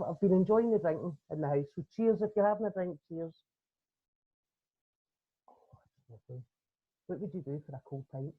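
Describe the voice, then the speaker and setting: Brief: Glaswegian woman comic, husky, conversational stand-up, tinny line. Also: low voice. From Scotland. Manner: punchy, conversational storytelling with tag questions. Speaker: comedian guest. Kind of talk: stand-up routine.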